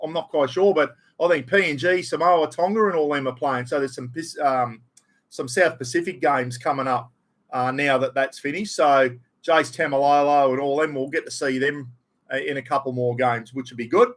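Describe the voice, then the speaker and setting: A man's voice: on the high side, steady tone, normal speed. A middle-aged Australian man hosting a casual livestream, greeting viewers by name and chatting about his weekend and the footy. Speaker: livestream host.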